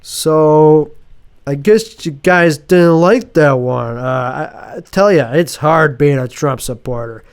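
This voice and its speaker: A man's voice: on the high side, takes it slowly, clear, resonant tone. A man voicing a nervous young male stand-up comic who is bombing on stage, pushing a forced upbeat delivery. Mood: pleading.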